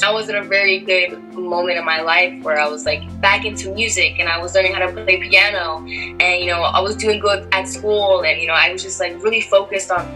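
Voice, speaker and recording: A woman's voice: on the low side, poor audio. A young adult woman in a casual storytelling interview, talking in a chatty way full of "like" and "you know". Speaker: actress interviewee. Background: music.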